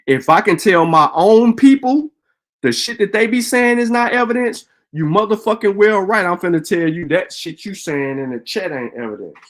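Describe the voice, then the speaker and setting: Profane, combative man with lively pitch. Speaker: live stream host. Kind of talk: heated live stream rant.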